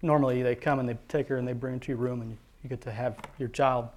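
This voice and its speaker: A man's voice: mid-range voice, steady tone, a little mellow. Earnest man sharing a faith testimony. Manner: earnest, halting, with many fillers and restarts; heartfelt, devout storytelling. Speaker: father telling his testimony.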